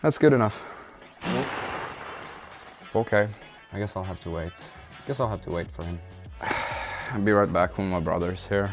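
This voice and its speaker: Music plays in the background as a deep-voiced car-project vlogger from Sweden talks to himself at normal speed, pausing often, while he works on his car. The native Swedish speaker mutters, swears and grunts with effort.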